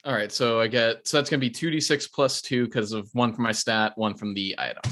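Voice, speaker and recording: A man's voice: medium pitch, steady tone, fairly quick, fairly bright tone. A man playing in a tabletop role-playing game, playful and laughing as he argues his case for bonuses. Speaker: player.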